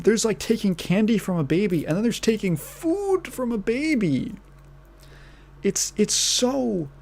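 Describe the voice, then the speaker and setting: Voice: mid-range voice, darkish tone. A podcast host ranting casually, outraged and incredulous, swearing and repeating phrases with bursts of laughter.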